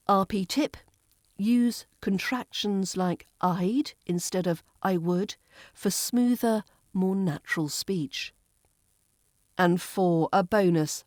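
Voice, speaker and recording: A woman with a British RP accent, hosting a scripted podcast lesson as an accent coach, poised and precise in a measured delivery. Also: medium pitch, a little mellow, dry recording, studio quality.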